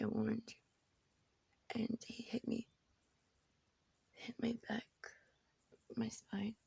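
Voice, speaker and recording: A woman recording a personal video message on her phone, short of breath, halting and repeating herself, often dropping to a whisper. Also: a little high, gravelly, warm tone, breathy edge, dry recording. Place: her room at home.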